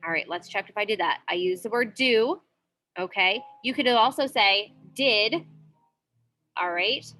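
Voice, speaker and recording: A woman's voice: medium pitch, a little slow, sharp tone, faint music behind. A woman teaching a grammar lesson in a classroom, patient and repetitive, checking in often with the students. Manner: patient, repeats with frequent "okay?" checks.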